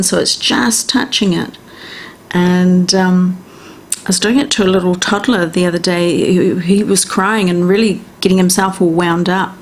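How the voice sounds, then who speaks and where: A middle-aged woman with a New Zealand accent, hosting a radio health and wellness talk and gently coaching listeners step by step in a chatty way. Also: lowish voice, a little hiss or hum. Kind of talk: casual instructional radio talk.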